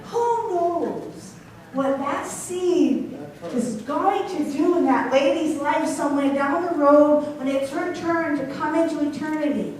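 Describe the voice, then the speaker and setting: A woman preaches to her congregation, her high voice ringing through a very echoey sanctuary. She's recorded from some distance off, with faint background noise underneath, and she keeps pulling listeners in with questions and personal stories. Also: takes it slowly, a little mellow. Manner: storytelling, asks congregation questions. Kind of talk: sermon. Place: church sanctuary.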